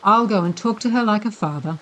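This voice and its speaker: A woman's voice: mid-range voice, fairly quick, close to an everyday voice, poor audio. A woman reading the part of a charming schoolboy who talks very politely and earnestly.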